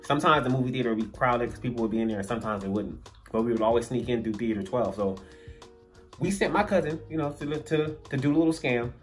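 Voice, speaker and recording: In an animated, medium-pitched voice at a quick pace, a young man tells a humorous personal story to camera, slangy and laughing. Soft music plays behind this casual story-time monologue from a storyteller vlogger.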